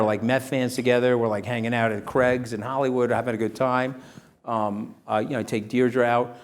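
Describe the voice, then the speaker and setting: A man, an interview guest telling animated stories in a punchy way, often tagging his lines with "okay?". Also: mid-range voice. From New York. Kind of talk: animated storytelling.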